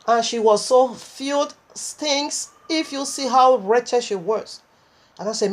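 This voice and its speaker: A woman's voice: fairly high pitch, animated, moderate pace. A woman preaching a sermon, impassioned and repetitive, with stammering restarts as she recounts a vision.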